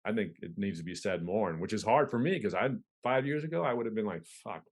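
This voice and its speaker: Deep-voiced man, candid and casual. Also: fast, darkish tone. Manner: candid, profane, stop-start. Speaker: podcast guest, police officer. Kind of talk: casual conversation.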